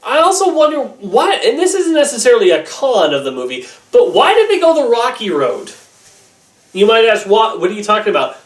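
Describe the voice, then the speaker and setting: Animated rambling man reviewing a film. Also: very high-pitched, normal speed, distant mic. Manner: animated and rambling, with many fillers. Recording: roomy room, voice off-mic.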